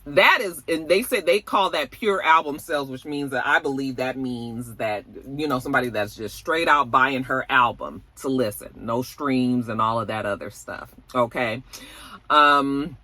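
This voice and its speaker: Chatty woman with a bright, forceful voice. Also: very deep voice, no room sound. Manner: chatty, talks straight to viewers with fillers. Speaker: YouTube celebrity gossip host. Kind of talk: casual commentary to viewers.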